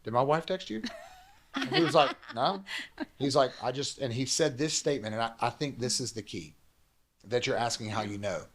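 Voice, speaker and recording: Fast-talking man telling a story. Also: mid-range voice. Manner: fast animated storytelling, acting out quoted dialogue. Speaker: pastor. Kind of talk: telling a personal story as a guest.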